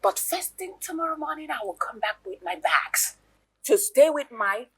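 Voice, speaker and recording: Nollywood role: a theatrical, jealous Nigerian woman, bright and high. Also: big pitch swings, moderate pace, slightly rough, heavily acted. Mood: defiant. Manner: theatrical, loud, mocking. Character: jealous, scheming, dramatic woman girlfriend. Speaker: actress. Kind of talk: Nollywood film acting.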